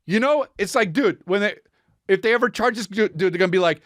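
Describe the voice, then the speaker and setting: A man hosting a podcast, riffing casually and comedically on viral clips in a profane, excitable way, with frequent restarts. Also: high-pitched, quick pace, no room sound, clean studio sound. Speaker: podcast host.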